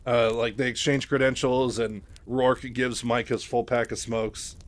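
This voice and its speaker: A man's voice: medium pitch, little pitch movement, unhurried. A man casually retelling a novel, rambling with many fillers and asides.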